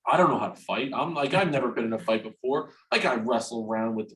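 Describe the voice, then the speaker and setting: A man in his forties from New Jersey, a guest in an interview, telling a personal story frankly and haltingly, restarting and repeating words and swearing freely. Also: medium pitch, expressive, a bit bright, a little hiss or hum, low-quality recording. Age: 40s.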